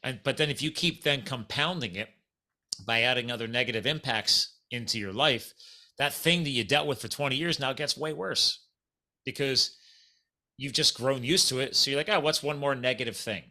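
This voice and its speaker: Bright, emphatic American podcast host. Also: male voice, mid-range voice, normal speed. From United States. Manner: emphatic, ranting listener-directed points. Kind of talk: casual podcast chat.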